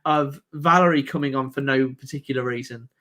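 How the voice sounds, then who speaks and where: A man with a Birmingham accent hosting a football watch-along stream, chatting casually and reacting loudly to the match. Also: mid-range voice, a little fast. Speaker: stream host.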